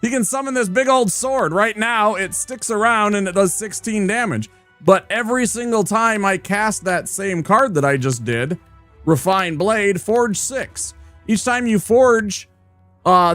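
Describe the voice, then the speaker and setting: Playful higher-voiced male streamer. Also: unhurried, fairly bright tone, dry recording, faint music behind. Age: adult. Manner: playful, teasing, chatty. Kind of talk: casual gameplay commentary.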